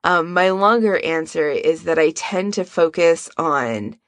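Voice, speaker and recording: A woman's voice: deep voice, lively intonation, a little slow, no echo. A woman hosting a podcast, chatting casually about fan audio recordings and laughing often. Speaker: podcast host.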